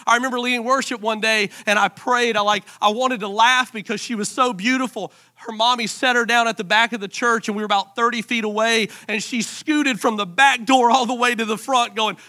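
Man, pastor, sermon, high voice, bright tone, hushed to emphatic. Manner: impassioned, swinging from hushed to emphatic. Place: church.

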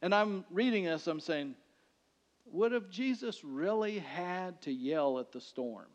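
A male pastor preaching a sermon in a conversational way, swinging between loud declarations and hushed lines. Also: high voice, animated, a little slow. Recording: dull sound with long hall reverb.

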